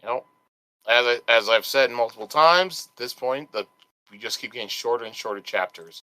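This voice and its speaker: A podcast co-host of medium pitch and normal speed, his voice pushed and bright, chats casually and explains things in a rambling way with restarts. The recording quality is low.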